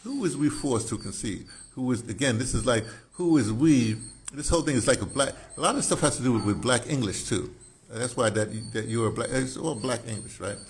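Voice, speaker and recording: A man, a poet, explaining his own poem while thinking aloud, halting and correcting himself often. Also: medium pitch, a little hiss or hum. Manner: musing, self-correcting.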